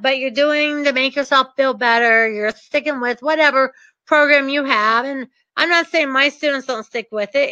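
A woman's voice: sits high, pushed and bright, no echo, lo-fi sound. A woman coaching her real estate students in a motivational talk, earnest and emphatic, repeating her points for stress.

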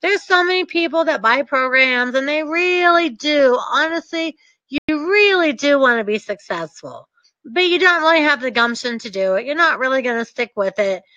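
A woman with a bright, high voice gives a motivational coaching talk to her students. She speaks earnestly and hammers home her points by repeating them. The sound is dry and a little dull. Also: animated, normal speed, no room sound. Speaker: real estate investing coach.

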